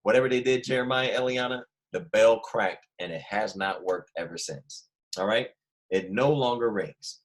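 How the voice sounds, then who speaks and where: A man teaching a recorded history lesson to first graders, animated and prompting the children to repeat after him. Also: lowish voice, normal speed, rough recording.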